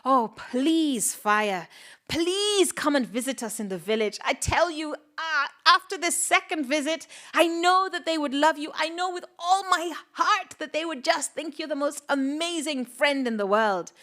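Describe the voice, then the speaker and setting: A woman storyteller voicing an eager village man who pleads and gets excited, his voice jumping up high. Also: unhurried, heavily acted. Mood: pleading. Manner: excited, pleading, bursts up in pitch.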